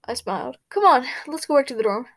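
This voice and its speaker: A woman's voice: high-pitched, sing-song, fast, a bit bright. A woman reading fan fiction aloud, stumbling over words and stopping for her own asides. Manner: stumbling, restarting, laughing asides. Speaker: fanfic reader.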